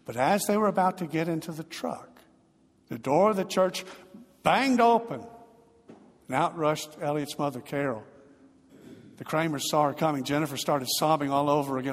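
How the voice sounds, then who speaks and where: A man delivering a sermon as a pastor, telling a story earnestly and growing softer toward the end. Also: fairly high pitch, normal speed, big-room sound.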